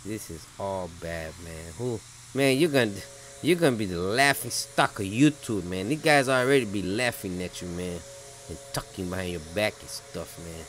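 A man doing a bright, swinging heckler. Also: fairly low pitch, expressive, moderate pace, slight background noise. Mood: scolding. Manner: scolding, swearing, mock outrage. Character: irate adult male viewer heckling a painter.

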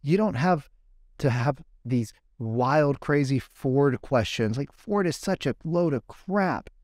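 Man coaching with rapid rhetorical questions. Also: mid-range voice, expressive, a little mellow, no room sound, clean studio sound. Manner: fires rhetorical questions and acts out dialogue in quoted voices. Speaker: podcast guest, sales communication coach. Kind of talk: coaching talk with anecdotes.

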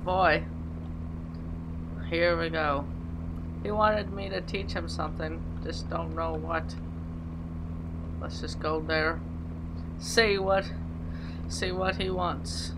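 A woman clowning in a silly put-on accent while she teaches flying in a game. She talks slowly and plays the fool. Loud engine and game sounds run behind her. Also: fairly low pitch, noisy background. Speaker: gamer making a flying tutorial. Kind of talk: joking game commentary.

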